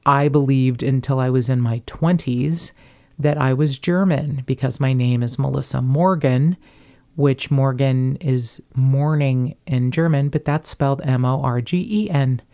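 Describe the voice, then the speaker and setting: A woman's voice: a bass voice, steady tone, a little slow, mellow. A woman from the Cincinnati area hosting a podcast, chatting in a rambling way with wry asides. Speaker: podcast host. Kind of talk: casual chat.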